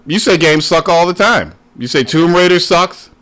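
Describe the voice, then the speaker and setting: A man's voice: high voice, normal speed, fairly bright tone. A man hosting a casual podcast, arguing bluntly and swearing often. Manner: blunt, profane, argumentative. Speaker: podcast host.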